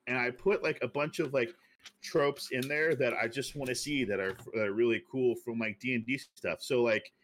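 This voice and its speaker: Rich: A man of ordinary pitch co-hosting a relaxed podcast. He rambles through his ideas, piles on fillers and keeps breaking into laughter between thoughts. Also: moderate pace, slight background noise. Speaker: podcast co-host. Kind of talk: casual chat.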